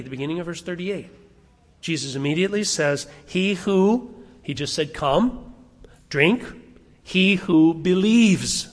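A man's voice: high-pitched, a bit bright. A middle-aged man preaching a sermon to a congregation, asking them questions and having them turn to verses. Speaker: pastor. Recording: long hall reverb.

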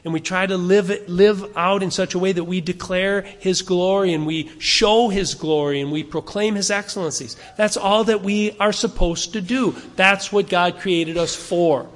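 A fairly high-voiced male pastor preaches in a reverberant church hall, his voice carrying with a long tail of echo. He talks earnestly and conversationally, acting out the arguments people raise. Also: steady tone. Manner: softens and slows into prayer at the close. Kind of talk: sermon.

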